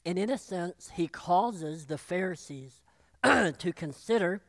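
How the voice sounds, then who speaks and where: Preacher, choked up, throat-clearing, slow delivery, dry close sound. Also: mid-range voice, no echo. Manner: animated, acts out voices of biblical figures. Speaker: pastor. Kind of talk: sermon.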